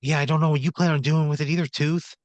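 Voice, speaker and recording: A man's voice: on the high side, fairly even intonation, quick pace, darkish tone, no room sound, dull audio. Reluctant annoyed guy in an improv bit, cussing, dry mic. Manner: exasperated, reluctant, swears a lot. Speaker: improv player. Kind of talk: improvised comedy podcast.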